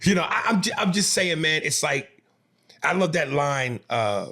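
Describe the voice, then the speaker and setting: A gravelly, husky man with a New York accent, talking on a podcast in a loose, profane, emphatic way. His pitch runs a little high and swings widely as he rants and restarts his sentences. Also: animated, moderate pace, sharp tone. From New York City. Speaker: podcast co-host. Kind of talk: casual podcast chat.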